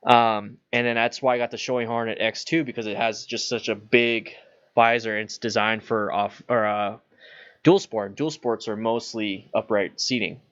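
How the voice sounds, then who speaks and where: Male host, relaxed rambling Q&A delivery, lo-fi dry mic. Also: on the low side, normal speed, dry recording. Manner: chatty, loose, reads viewer questions aloud. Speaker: motorcycle channel host. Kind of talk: casual livestream Q&A.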